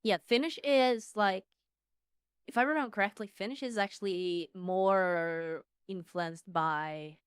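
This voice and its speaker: Smooth-voiced woman. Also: medium pitch, a little slow, no echo, studio quality. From Sweden. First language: Swedish. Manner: playful, explaining with emphasis. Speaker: co-streamer. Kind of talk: casual chat.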